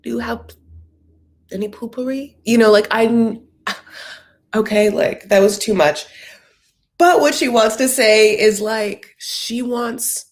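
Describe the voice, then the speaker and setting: A woman hosting a casual TV recap, talking in an animated, sassy, chatty way. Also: medium pitch. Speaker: host.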